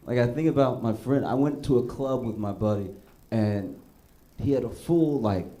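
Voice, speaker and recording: A male stand-up comedian telling stories in a conversational way, breaking into animated, high-pitched rants. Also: normal speed. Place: comedy stage.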